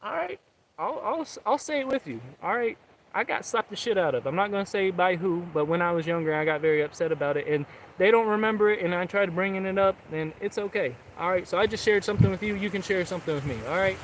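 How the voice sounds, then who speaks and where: Young guy rambling earnestly outdoors, slightly high voice, faint outdoor noise behind. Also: lively intonation, fast. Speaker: vlogger. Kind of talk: casual motivational talk. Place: outdoors, public area.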